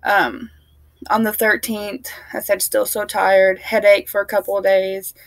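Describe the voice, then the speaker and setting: A woman's voice: mid-range voice, flat delivery, unhurried, no room sound. A young woman chatting to camera in a rambling, casual way, laughing now and then and sounding tired. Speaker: family vlogger.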